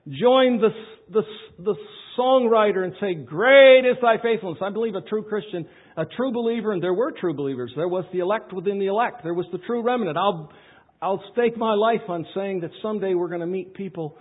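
A pastor preaching a sermon, swinging from loud pleading questions to quiet asides. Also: male voice, sits high, brisk, breathy edge. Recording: tinny phone-like sound.

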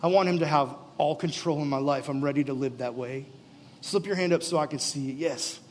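Earnest pastor with a higher voice. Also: male voice, brisk, a little hiss or hum. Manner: earnest, pleading, drops to soft intimate tones. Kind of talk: sermon with altar call and prayer. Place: church or youth gathering, live.

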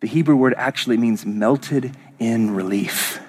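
A man preaching a sermon as pastor, swinging from loud rising lines to hushed whispers. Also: medium pitch, measured pace, few pauses, breathy edge.

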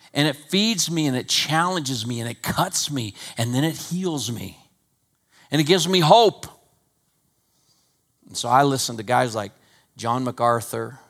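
A pastor with a Wyoming accent delivers a sermon, climbing to loud, emphatic peaks before dropping into quiet, conversational asides.

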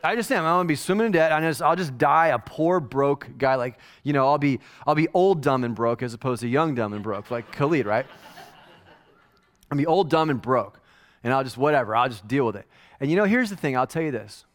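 A man's voice: mid-range voice, animated, a little fast. A man in his forties preaching a casual, joking sermon as a pastor in a church, with mock-quoted asides. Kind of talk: conversational sermon.

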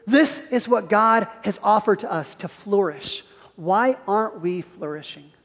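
Man preaching a sermon, high voice, earnest and probing, long church reverb. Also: lively intonation, unhurried, a bit bright. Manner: earnest, probing questions, rising intensity. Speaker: pastor.

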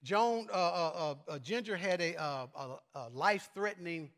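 A man preaching a sermon with personal stories, speaking earnestly and haltingly, often repeating words as he goes. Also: fairly high pitch, lively intonation, a bit bright. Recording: long hall reverb.

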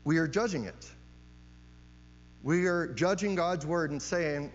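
Slow and fairly high-pitched, a man delivers an emphatic sermon with long pauses, repeating key phrases and frequently asking his listeners "right?". The recording has a long hall reverb, a dull sound and a mains hum.

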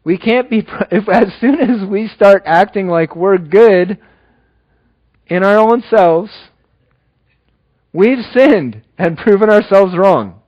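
A man preaching a sermon in an earnest, conversational way, dropping low and slow when he reads scripture. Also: dry recording, lo-fi sound. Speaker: pastor.

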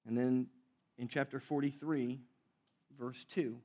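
A man preaching a sermon in a conversational way, often restarting phrases and dropping to a hushed voice for emphasis, in a church. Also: sits high, unhurried, dull audio. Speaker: pastor.

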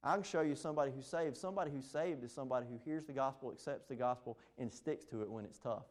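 A man's voice: mid-range voice, fast. A man, preaching a sermon in an impassioned, emphatic way. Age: 20s. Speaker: pastor.

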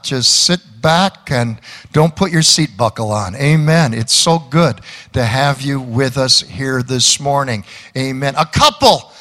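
A pastor preaches slowly in a bright, tense voice, mixing homespun jokes with forceful declarations. His voice rings with a long reverb through a church hall. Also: on the high side. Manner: folksy preaching with jokes and emphatic calls. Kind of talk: sermon.

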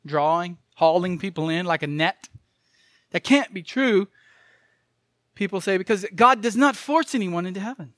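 A man's voice: sits high, a bit bright, no echo, studio quality. A man preaching a sermon in an earnest, emphatic way, repeating key phrases for weight.

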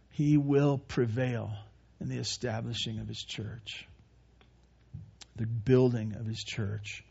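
A pastor preaching a sermon, earnest and stumbling over repeated words, shifting between forceful emphasis and quiet reflection. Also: male voice, fairly high pitch. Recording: dull lo-fi sermon recording.

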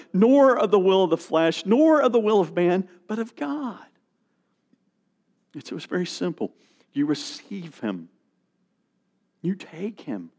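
Middle-aged male pastor, sermon delivery, slightly high voice, animated storyteller.

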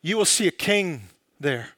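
A man preaching a sermon in a dramatic, emphatic way, often dropping low and slow for quotations. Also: very animated, sharp tone, no echo, studio quality.

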